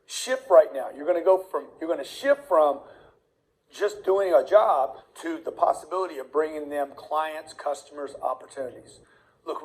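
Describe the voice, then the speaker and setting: A man's voice: high-pitched, a little mellow, poor audio. A man giving motivational career advice, emphatic and fond of long repeated lists. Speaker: career coach. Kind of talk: motivational talk to camera.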